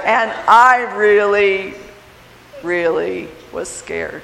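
A middle-aged woman shares a personal testimony from the front of a church, slow and heartfelt as she tells her story. Her voice carries a long echo through the hall, as if heard from a little distance, with soft room ambience behind it. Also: mid-range voice, vocal fry, a little hiss or hum. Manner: storytelling, slow and heartfelt, lively in funny parts. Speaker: church speaker giving a testimony. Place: church sanctuary.

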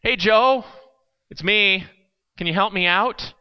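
A man doing a desperate guy shouting from a hole. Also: high-pitched, wildly swooping pitch, normal speed, in a large hall, muffled recording, voice pushed up. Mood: pleading. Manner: shouting upward, pleading.

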